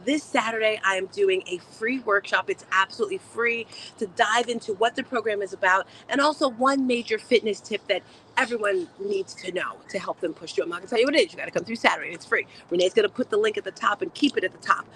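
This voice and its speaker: A woman's voice: mid-range voice, quick pace, a bit bright, a little hiss or hum, poor audio. A woman hosting a motivational live stream, chatting upbeat and speaking straight to her viewers. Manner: upbeat, chatty, talks to chat. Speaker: host.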